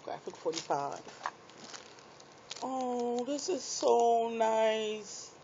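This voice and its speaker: Brief: excitable woman, slow-talking craft vlogger, recorded on a muffled tablet mic. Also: a little high, background noise. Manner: chatty, excitable, laughs at herself. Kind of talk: casual unboxing chat to viewers. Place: small apartment room. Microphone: tablet microphone. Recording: dull lo-fi tablet audio.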